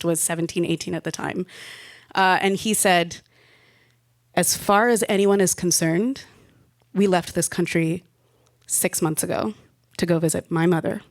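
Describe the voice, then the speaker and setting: A woman in her late twenties tells a story on stage into a handheld mic, chatty and wry. Her voice sits a little low, and the sound is dry and close. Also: dry recording. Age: late 20s. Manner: chatty, wry, laughing now and then. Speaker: storyteller at a live event. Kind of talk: live personal storytelling. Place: room with a live audience.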